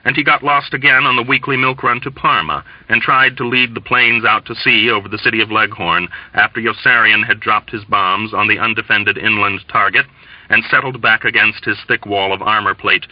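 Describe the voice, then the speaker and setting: A man reading a novel aloud in a measured, plain narrating voice. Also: lowish voice, steady tone, no echo. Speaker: audiobook reader. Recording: dull lo-fi, dry.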